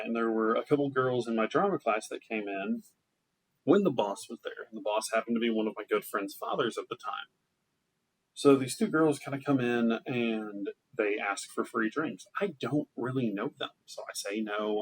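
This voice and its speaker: A man's voice: on the low side, breathy edge. A man doing a stand-up set, telling a loose, rambling retail story full of fillers. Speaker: stand-up comedian.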